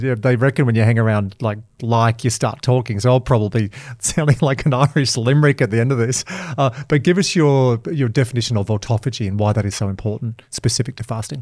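A man's voice: medium pitch, a little mellow, no echo, studio quality. A man hosting a casual podcast interview, chatty and joking in an informal way. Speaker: podcast host.

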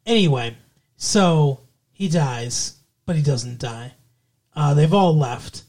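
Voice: mid-range voice, lively intonation, slow pace, darkish tone. A podcast co-host picking apart a horror movie in casual chat, swearing freely and rambling with lots of fillers and restarts.

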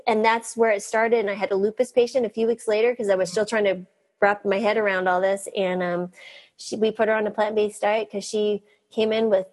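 Breathy middle-aged lady doctor, chatty and excited, keeps laughing mid-story. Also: medium pitch, moderate pace. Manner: animated, laughs often, mimics others. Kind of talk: storytelling in an interview.

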